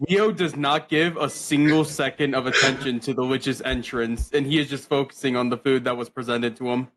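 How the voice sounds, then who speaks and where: Male player, casual, measured in-game narration. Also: medium pitch, fairly even intonation, a bit bright, rough recording. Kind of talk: casual tabletop play.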